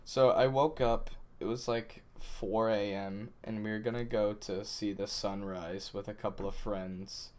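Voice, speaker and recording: A young man in casual podcast chat with friends, telling his stories with lots of animation. He acts out the quotes and shouts as he goes. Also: lowish voice, steady tone, unhurried, few pauses. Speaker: podcast host.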